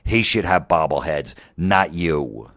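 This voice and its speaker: A man's voice: rumbling low, animated, slow, a bit bright, dry recording. A comedian in his forties delivering an angry, mocking, profane comedic rant. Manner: angry, mocking, heavy swearing.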